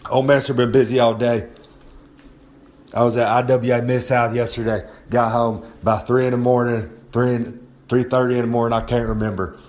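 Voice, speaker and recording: Recording on a phone pressed near his face at home, a sore, hungover wrestler brags about himself in the third person for his regular podcast segment. His mid-range voice is level and darkish, at a moderate pace.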